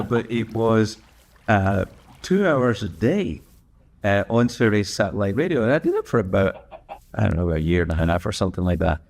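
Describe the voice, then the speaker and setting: A man's voice: fairly low pitch, slight background noise. A man hosting a livestream, telling rambling, self-correcting stories in casual chat while gaming. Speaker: livestream host.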